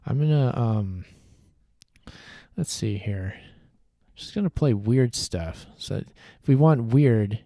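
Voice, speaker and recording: A man hosting a podcast livestream in a relaxed, rambling way with many fillers. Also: medium pitch, a little slow, few pauses, dry recording, clean studio sound. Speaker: podcast host. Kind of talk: casual livestream chat.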